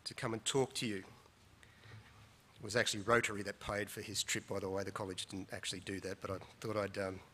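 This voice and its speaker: A man's voice: lowish voice, flat delivery, fairly quick, bright, forceful tone, slight background noise. A man from the school staff introducing a guest speaker at an assembly, with dry, joking asides.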